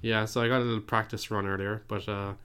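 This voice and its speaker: A man co-hosting a casual podcast while sick, with a deep voice and a laid-back, self-deprecating way of talking. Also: level tone, fast, bright, forceful tone, smooth. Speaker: podcast co-host.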